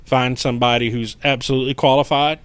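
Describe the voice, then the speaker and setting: A man tells a story as a podcast guest, swearing freely and acting out every line of dialogue. His voice sits at an average pitch. The sound is dry and close, with no room echo. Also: quick pace, smooth. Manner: animated, profane storyteller, acts out quotes. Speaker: guest paranormal investigator. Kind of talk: casual storytelling chat.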